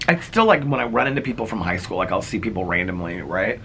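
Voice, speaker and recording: Bright-voiced chatty middle-aged man. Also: on the low side, animated, quick pace, creaky, slight background noise. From Indiana. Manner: chatty, earnest, heavy use of "like". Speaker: vlogger. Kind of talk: casual personal storytelling.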